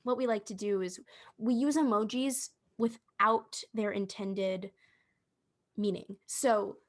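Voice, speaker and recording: A young woman and drama student co-hosting a podcast, coaching in casual chat with a teasing, deadpan manner and frequent restarts. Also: medium pitch, slow. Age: young adult.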